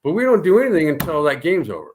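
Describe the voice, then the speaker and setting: A man with a mid-range voice co-hosting a casual sports talk show. He builds his argument in a steady, measured way and drives it home with short, firm sentences. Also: a little high, a little hiss or hum. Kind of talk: casual sports radio chat.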